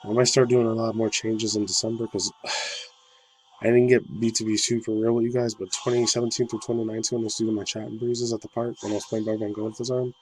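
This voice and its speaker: A man in his thirties, hoarse from a sore throat, rambling casually through a vlog as a gaming news host. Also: lowish voice, level tone, fairly quick, slight background noise, low-quality recording. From United States. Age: 30s. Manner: rambling, fillers, loose slangy talk.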